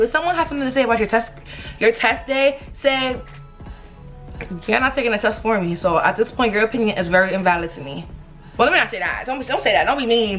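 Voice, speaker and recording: A young woman telling viewers a story in a casual, animated vlog, talking straight to them. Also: on the high side. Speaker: vlogger.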